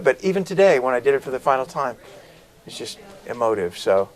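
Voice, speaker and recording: A middle-aged man from South Carolina, an actor telling stories as a guest in an interview, with lively, varied delivery. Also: medium pitch, a little fast, low-quality recording. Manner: animated storyteller, varied delivery. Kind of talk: interview conversation.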